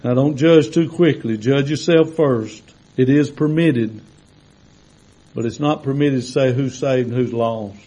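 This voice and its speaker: A man preaching a sermon to his congregation in a folksy, conversational way, swelling to loud, drawn-out emphasis when he reads scripture. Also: mid-range voice, rough recording. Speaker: pastor. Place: church sanctuary with congregation.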